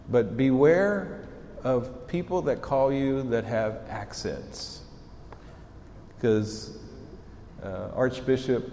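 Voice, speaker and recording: A man's voice: mid-range voice, a little hiss or hum. A man in his sixties, a bishop, giving an informal talk to students, telling stories in a folksy, conversational way. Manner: folksy storytelling, warm asides. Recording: echoey hall, long reverb, faint ambience.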